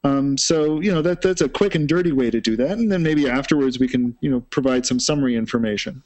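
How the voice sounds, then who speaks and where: A man's voice: mid-range voice, fast, a little mellow. Brief: an opinionated male host who thinks aloud with many fillers. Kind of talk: casual panel chat.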